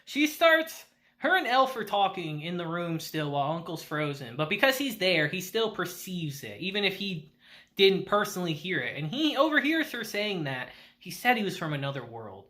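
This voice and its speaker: A woman casually recapping an anime episode, laughing often and acting out the characters. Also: on the low side. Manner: laughs often while retelling; animated, acts out characters in quick asides. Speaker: anime reviewer.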